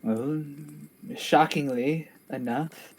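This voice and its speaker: A man's voice: fairly high pitch, very slow, a little mellow. A man playing a tabletop game, speaking in character and out, hesitant and full of fillers. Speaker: player. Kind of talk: casual tabletop play.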